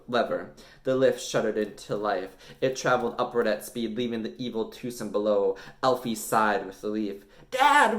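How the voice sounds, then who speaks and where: A man's voice: on the low side, roomy sound. A man reading a storybook with drama. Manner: lively, dramatic narration. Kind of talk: reading a children's book aloud.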